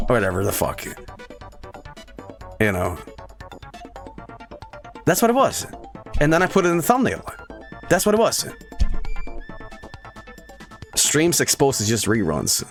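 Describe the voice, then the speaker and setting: A man's voice: wildly swooping pitch, measured pace, long pauses, soft background music. Rambling, profane young male streamer. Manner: rambling, profane, breaks into high silly voices. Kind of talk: casual live-stream chat.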